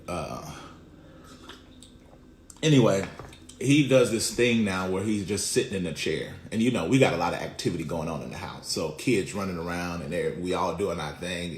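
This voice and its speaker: A middle-aged man preaching a casual devotional, telling folksy family stories in an animated way. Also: sits low, moderate pace, a little hiss or hum. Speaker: pastor. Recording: roomy echo.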